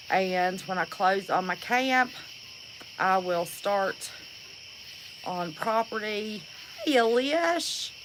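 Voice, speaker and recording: A woman's voice: mid-range voice, background noise. A woman hosting a casual livestream, chatting and greeting viewers by name and calling them honey. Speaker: livestream host.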